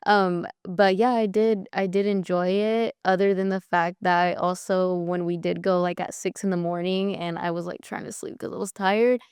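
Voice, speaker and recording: A woman's voice: on the low side, flat delivery, moderate pace, hardly any pauses, a little mellow, clean tone, no echo, studio quality. A young woman talking with her father in a casual interview, telling stories in a chatty way and acting out what people said. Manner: chatty storyteller, acts out quotes, laughs often. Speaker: guest, daughter of the host.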